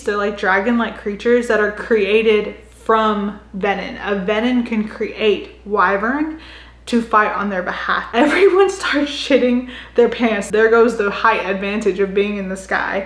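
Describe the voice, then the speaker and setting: Young woman, casual book recapper, chatty, filler-heavy, mid-pitch, echoey room. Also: fairly bright tone.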